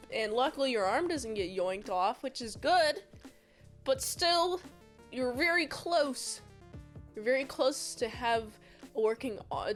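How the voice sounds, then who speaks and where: A woman with a high voice talks slowly through a casual movie recap. She rambles, cracks jokes and pokes fun at herself. Soft background music plays underneath her. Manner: rambling, jokey and self-deprecating. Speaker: movie reviewer.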